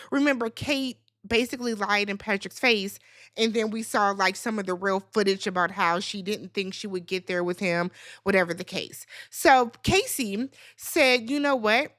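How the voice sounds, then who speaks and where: A woman's voice: medium pitch, fairly bright tone. A woman giving a blunt, sassy, profane recap of a reality TV reunion, talking straight at the cast. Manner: talks straight to the people on the show. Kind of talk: opinionated show recap.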